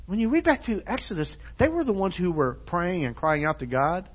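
A male pastor delivers an earnest sermon in a fairly high, husky voice. His delivery swings from quiet intensity to loud emphasis. The recording is dull and lo-fi, captured in a church. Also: sing-song, normal speed, hardly any pauses. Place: church sanctuary.

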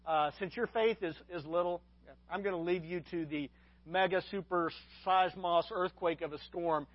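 A man's voice: high-pitched, steady tone, moderate pace, no room sound, lo-fi sound, close to an everyday voice. A pastor playing a breezy, offhand male Jesus who brushes off his followers, in a sermon.

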